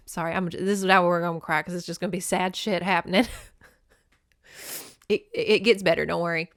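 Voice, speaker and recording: A woman's voice: fairly low pitch, steady tone, brisk, no echo, clean studio sound. A woman hosting a casual movie-recap podcast, chatty and emotional, swearing freely. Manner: chatty, swears, laughs and tears up. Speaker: podcast host.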